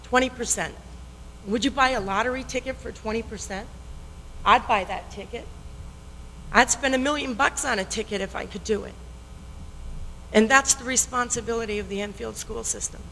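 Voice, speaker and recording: Woman, resident at public hearing: shaky, weepy voice, passionate and insistent, bright tone, reverberant hall. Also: a little high, normal speed, long pauses, a little hiss or hum. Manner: passionate, emphatic, repeats key points. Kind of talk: public comment. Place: town meeting hall. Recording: long reverb in a meeting hall.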